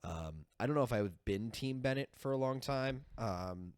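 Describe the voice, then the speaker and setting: A man co-hosting a reality TV podcast, talking in an animated, rambling way with many restarts. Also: medium pitch, moderate pace, smooth, dry recording, studio quality. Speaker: podcast co-host. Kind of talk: casual chat.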